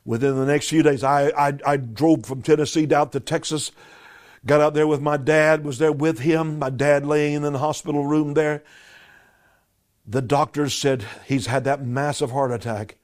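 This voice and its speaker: A middle-aged man preaching a sermon as a pastor, swinging from loud cries to hushed whispers and often repeating words as he starts a sentence. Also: fairly high pitch, steady tone, moderate pace.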